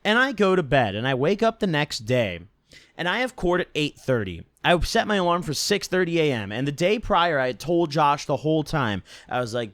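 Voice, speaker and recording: A man's voice: fairly high pitch, big pitch swings, moderate pace, a bit bright, dry recording. A young man casually telling a rambling, profane story from his own life and tagging his sentences with "right?". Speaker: storytime vlogger.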